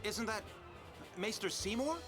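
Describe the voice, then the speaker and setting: A man's voice: high-pitched, lively intonation, unhurried, music in the background. An actor playing a casual young male team player in a video game.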